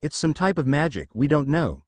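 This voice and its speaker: A man's voice: a little high, very animated, a little mellow, no room sound. Man reading as flustered soldiers giving reports. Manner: hurried, nervous reporting. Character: flustered male soldiers reporting to their commander.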